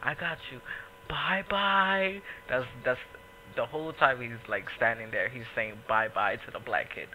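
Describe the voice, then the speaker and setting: A man hosting a casual podcast, telling a profane, animated story and acting out the people in it. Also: medium pitch, moderate pace, slight background noise, poor audio. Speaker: podcast host.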